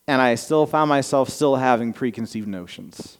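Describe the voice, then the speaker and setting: A man in his thirties with a slight Southern American lilt preaches to a congregation in a casual storytelling way. His voice comes across smooth and resonant. The long reverb of a big church hall trails behind each phrase. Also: mid-range voice, normal speed. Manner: conversational storytelling, self-deprecating asides. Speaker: pastor. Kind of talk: sermon with personal stories. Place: church sanctuary before a congregation.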